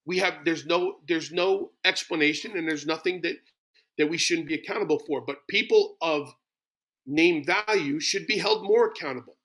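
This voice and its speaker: A man's voice: a little high, normal speed, a bit bright. A middle-aged man speaking as an interview guest, blunt and emphatic. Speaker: guest, former wrestler. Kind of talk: casual interview talk.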